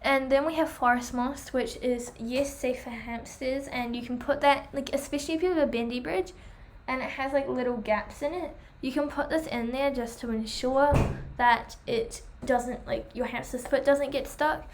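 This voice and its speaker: A young woman chatting enthusiastically while reviewing pet products, full of fillers, her voice going hoarse. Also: high-pitched, steady tone, moderate pace, a little hiss or hum. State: losing her voice. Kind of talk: casual chat.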